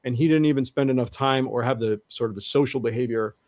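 A man's voice: medium pitch, fast, a little mellow, no room sound, clean studio sound. Earnest man explaining at length. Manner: earnest, restarts often, builds argument step by step. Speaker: guest. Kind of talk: conversational interview explanation.

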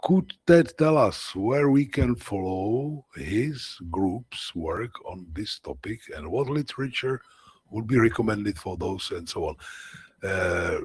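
Czech-native male host, low husky voice, animated pitch. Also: slow pace, dry recording. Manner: brief backchannel replies, reads viewer comments. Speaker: interview host.

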